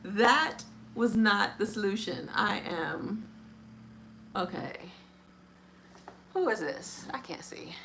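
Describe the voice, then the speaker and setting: A woman's voice: a little high, very animated, takes it slowly, pauses often, a bit bright, a little hiss or hum. A woman hosting a casual movie review chat. She rambles in a friendly way, stumbles over her words and fills gaps with lots of ums. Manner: chatty, hesitant, many fillers, laughs often. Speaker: film reviewer.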